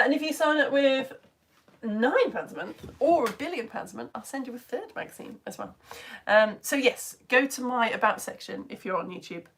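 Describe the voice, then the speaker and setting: A British woman, a physics teacher, chatting brightly on a live-stream lesson and hopping between asides. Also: on the high side. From United Kingdom. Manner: bubbly, chatty, jumps between topics, quick asides. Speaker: physics teacher and livestream host.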